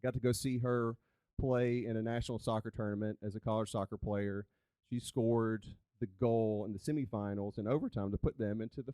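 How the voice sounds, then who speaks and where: A man's voice: lowish voice, no echo. Chatty man telling a story. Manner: animated, conversational, chatty with "like" fillers. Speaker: storyteller and coach. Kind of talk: live storytelling. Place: live event on stage. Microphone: handheld microphone.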